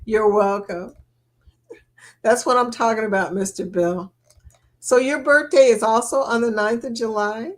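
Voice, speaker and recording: A woman's voice: on the high side, measured pace, long pauses. A middle-aged woman, hosting a casual livestream chat, reading viewer comments aloud and laughing often.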